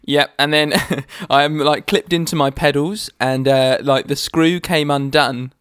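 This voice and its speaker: Guy co-host, a touch high, dry close mic, teasing and relaxed. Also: measured pace, clear, resonant tone, no echo. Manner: easygoing, teasing, laughs a lot. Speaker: podcast co-host. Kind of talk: casual chat.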